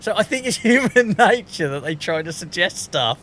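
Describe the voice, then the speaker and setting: A man's voice: sits high, very animated, normal speed, fairly bright tone. A British man streaming a game, chatting casually and ranting, laughing often at his own jokes. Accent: British English. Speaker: gaming streamer. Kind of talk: casual live-stream chat.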